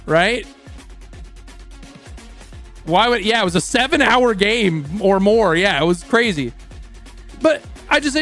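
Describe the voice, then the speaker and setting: Man, Canadian accent, young adult, high-pitched, profane, rambling, casual streamer chat. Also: animated, takes it slowly, pauses often, fairly bright tone, soft background music.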